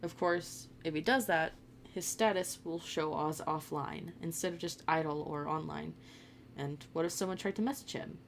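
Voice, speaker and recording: A woman's voice: sits low, normal speed, vocal fry, a little hiss or hum. A woman casually reading fan fiction aloud and chatting between passages, laughing often. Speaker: fanfic reader.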